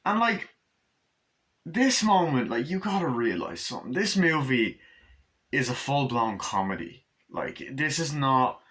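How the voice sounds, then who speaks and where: A man's voice: mid-range voice, big pitch swings, unhurried, fairly bright tone. A man recapping a movie in a casual, rambling way, swearing often and acting out scenes with sound effects. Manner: rambling, profane, full of sound effects and impressions. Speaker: movie reviewer.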